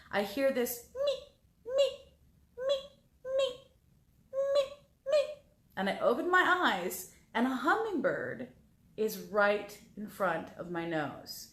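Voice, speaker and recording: A woman's voice: on the low side, fairly bright tone, roomy sound. A woman guest on a talk show, telling personal stories in a heartfelt way and repeating words as she remembers. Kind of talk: personal storytelling.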